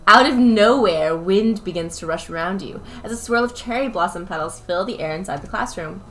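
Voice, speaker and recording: A woman's voice: mid-range voice, fairly quick, fairly bright tone, a little hiss or hum. A young woman streamer reading a game's text aloud, casual with joking asides.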